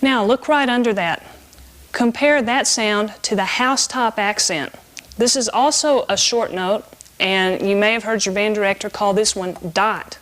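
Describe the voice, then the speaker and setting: A middle-aged woman giving a saxophone lesson, explaining clearly and patiently in an instructional tone. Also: medium pitch, a little slow, a bit bright. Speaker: saxophone teacher.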